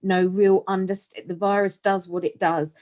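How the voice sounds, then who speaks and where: A woman's voice: mid-range voice, little pitch movement, measured pace, darkish tone. A woman co-hosting a podcast, asking reflective questions and offering support in a casual chat. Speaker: podcast co-host.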